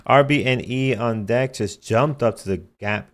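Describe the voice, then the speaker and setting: A man's voice: mid-range voice, measured pace. A man hosting a live trading show, giving casual market commentary, reading out tickers and repeating warnings to be careful. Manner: casual, reads tickers aloud, repeated cautions.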